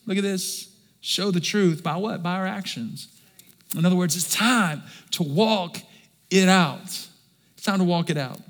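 A man preaches to his church in a high, bright voice that carries a long reverb through the hall. He drops low and quiet, then climbs loud and emphatic, calling out for the congregation to answer back. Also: unhurried. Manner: swings from soft and low to loud and emphatic, calls for congregation response. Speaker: pastor. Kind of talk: sermon.

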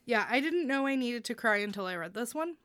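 A woman's voice: a little high, animated, fairly quick, a bit bright, smooth, dry recording, studio quality. A woman co-hosting a podcast, gushing with effusive praise for stories in casual chat, laughing often. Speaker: podcast co-host reviewing stories.

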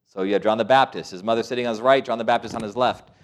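A man's voice: medium pitch, steady tone, rapid-fire. A middle-aged man, a priest, preaching a sermon with stories, asides and quoted voices.

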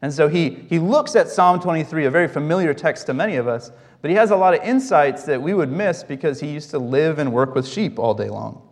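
A man's voice: fairly high pitch, lively intonation, brisk, hardly any pauses, darkish tone, long reverb tail. A young adult man giving a conversational sermon as a pastor, telling stories and asking the congregation questions.

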